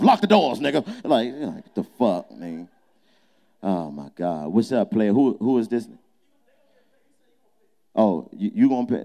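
A man's voice: medium pitch, mellow. A young adult man, a comedian, doing a boisterous, profane, teasing improvised roast inside a small nightclub.

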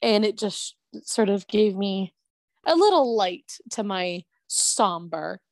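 A woman's voice: medium pitch, animated, slow, no room sound. A woman co-hosting a casual chat podcast, gushing and giggly. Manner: gushing, giggly, says "oh my God" a lot. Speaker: podcast co-host.

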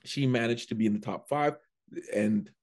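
A man, a comedian, telling a story in a casual chat, animated and prone to restarting his sentences. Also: medium pitch, normal speed. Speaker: comedian guest.

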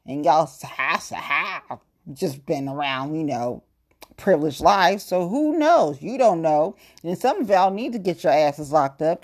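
A woman's voice: lowish voice, darkish tone. A woman delivering a heated, blunt and profane rant to camera, scolding and cursing throughout. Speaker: commentator.

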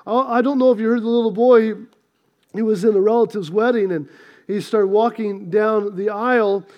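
Pastor, high, bright voice, jokey storyteller, preaching in a church. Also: male voice. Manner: storytelling, lively and joking, asks the congregation to respond. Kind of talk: sermon. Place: church sanctuary.

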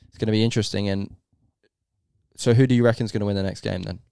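Gravelly man chatting sports. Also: on the low side, fairly even intonation, fast, warm tone, no room sound, clean studio sound. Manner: chatty, hedging, teasing. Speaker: podcast co-host. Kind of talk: casual sports chat.

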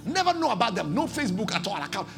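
During a church service, a pastor with a Nigerian accent preaches an impassioned sermon over music, swinging between shouts and low pleading. His delivery is sing-song and racing, with vocal fry.

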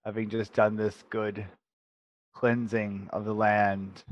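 A man's voice: on the low side, little pitch movement, slow, no room sound, muffled recording. A man running a tabletop role-playing game, narrating the scene to his players in a loose, conversational way. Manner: conversational, with frequent restarts. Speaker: game master.

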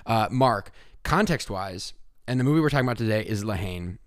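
A man's voice: on the low side, expressive, brisk, dry recording, studio quality. A man hosting a podcast, chatting with a friend in a playful, joking way. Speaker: podcast host. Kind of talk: casual chat.

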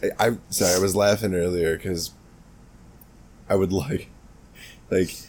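A man's voice: deep voice, fairly even intonation, a little slow, a little mellow. Swearing, jokey man on a podcast. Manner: argumentative, swears a lot, jokey. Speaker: podcast co-host. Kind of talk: casual chat.

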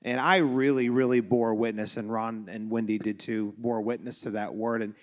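A man's voice: on the low side, steady tone, normal speed. A man preaching a sermon as pastor, loose and joking, with many restarts. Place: church sanctuary.

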